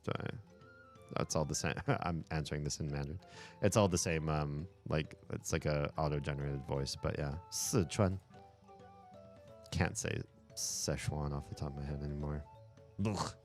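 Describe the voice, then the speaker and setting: A man streaming live and chatting casually with his viewers, animated and talkative, often laughing and cursing. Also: extremely low pitch, normal speed, faint music behind. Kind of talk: casual livestream chat.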